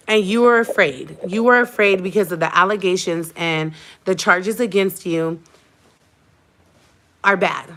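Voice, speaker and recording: A woman's voice: fairly low pitch, unhurried, long pauses, a bit bright. A young adult woman vlogger in a casual livestream chat, telling a heated story with emphatic repetition.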